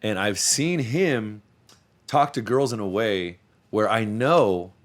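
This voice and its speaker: A man with a fairly low voice talks through a loose, rambling podcast chat. He swears freely and doubles back on his words, repeating them whenever he restarts a thought. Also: animated, slow. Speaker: podcast host; youth sports coach. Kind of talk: casual chat.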